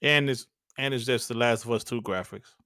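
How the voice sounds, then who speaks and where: A man's voice: medium pitch, brisk, a crowd in the background. A man on a casual gaming podcast, chiming in with short, agreeable remarks.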